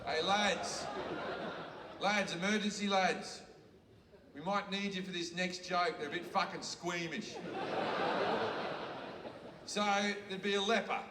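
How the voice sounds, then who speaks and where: A man's voice: high-pitched, fairly even intonation, slow, long pauses. A man with an Australian accent doing a crude, heavily profane stand-up comedy set in a large theatre. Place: large theatre with live audience. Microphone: bootleg recorded from the audience. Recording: echoey hall bootleg from far off, loud room noise.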